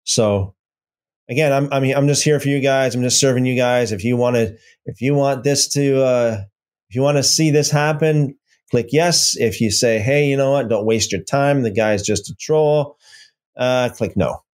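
Male streamer, mid-pitched, casual rambling delivery with a taunting edge. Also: normal speed, a little mellow. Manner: taunting, rambling, repeats himself. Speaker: livestream host. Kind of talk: casual livestream talk.

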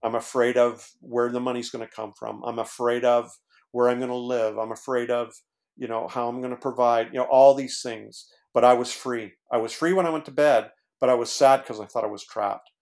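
A man's voice: mid-range voice, steady tone, moderate pace, darkish tone. A man, a former pastor, earnestly telling his own story as a podcast guest, with many fillers and restarts. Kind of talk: casual storytelling in conversation.

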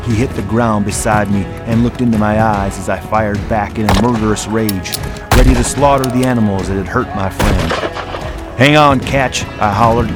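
Low-voiced man narrating a dramatic story. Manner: measured and dramatic. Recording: music playing underneath. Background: music.

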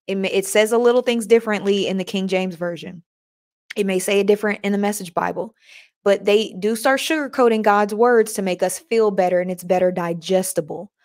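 A woman's voice: mid-range voice, a little mellow. A woman hosting a casual faith podcast live stream, chatting with listeners and reading their comments aloud.

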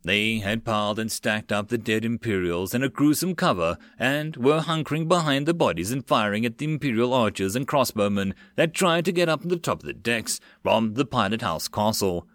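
A man narrating a web novel as an audiobook, steady storytelling. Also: medium pitch, moderate pace, hardly any pauses.

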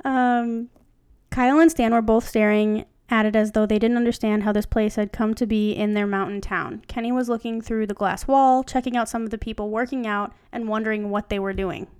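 Woman, smooth voice, a little high, chatty podcast host, reads aloud with jokey asides. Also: fairly even intonation, a little fast, a little mellow, no echo, clean studio sound. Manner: chatty, joking, stops to comment. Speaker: podcast co-host reading fan fiction. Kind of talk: casual chat and reading aloud.

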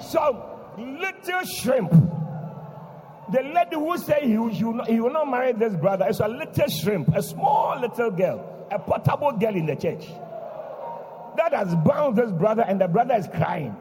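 A man preaching, telling a story dramatically and breaking into shouts. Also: extremely high pitch, expressive, normal speed, long reverb tail, faint music behind. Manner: dramatic, bursts into shouting, repeats a refrain. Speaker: pastor. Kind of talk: sermon storytelling. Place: church.

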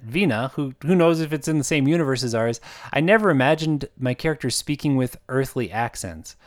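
A man speaks in a loose, conversational monologue, circling back with "um"s and restarts as he thinks aloud. His voice sits at an ordinary middle pitch, and the recording is close and dry with almost no room sound. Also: dry recording. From United States. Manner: rambling and conversational, with frequent fillers and restarts. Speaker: author narrating his own audiobooks. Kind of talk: casual spoken monologue.

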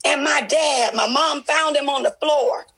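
High-voiced woman preaching with fervor. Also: a little slow, gravelly, low-quality recording. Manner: fervent, swelling to emotional shouts. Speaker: speaker in a women's ministry discussion. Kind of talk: impassioned testimony preaching.

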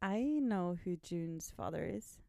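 A woman's voice: fairly low pitch, lively intonation, takes it slowly, creaky, warm tone, no room sound, clean studio sound. A woman co-hosting a podcast, casually retelling a comic story and often saying "like". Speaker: podcast co-host. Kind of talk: casual chat about a comic series.

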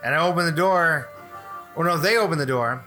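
A man with a slightly high, very bright and forceful voice tells crude, swear-filled work stories in loose podcast chat. He keeps slipping into the voices of the people he meets on the job. Faint music sits behind him. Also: a little fast. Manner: crude, profane storyteller who acts out the people he quotes. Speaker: gas service technician.

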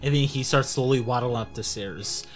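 Man, game master, easygoing narration, mid pitch, faint music behind. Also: normal speed.

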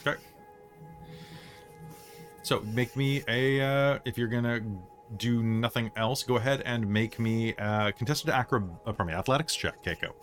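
A man narrating as game master, describing scenes in a relaxed, chatty manner full of fillers. His voice sits at an ordinary middle pitch, with soft music playing behind. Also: moderate pace. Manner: casual, chatty, many fillers.

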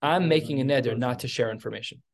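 Gravelly man teaching a study class. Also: medium pitch. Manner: animated storytelling, quick asides. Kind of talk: text study lesson.

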